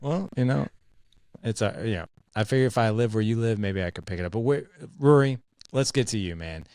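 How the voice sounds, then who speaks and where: A man's voice: lowish voice, quick pace, smooth, no room sound. Jokey man hosting a podcast. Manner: jokey, energetic, many fillers. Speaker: podcast host. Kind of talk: casual interview chat.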